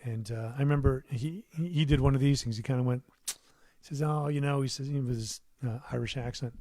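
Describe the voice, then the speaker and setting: Middle-aged male musician, relaxed rambling livestream host, dry close studio sound. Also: medium pitch, brisk, no room sound. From United States. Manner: rambling, warm asides, many fillers and restarts. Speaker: musician hosting his own livestream. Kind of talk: casual livestream chat. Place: his home recording studio.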